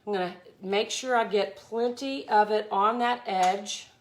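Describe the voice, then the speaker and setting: A woman's voice: mid-range voice, unhurried, slight background noise. Effusive Southern woman from Mississippi, talking viewers through a live resin art demo. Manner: chatty, effusive, exclaims often.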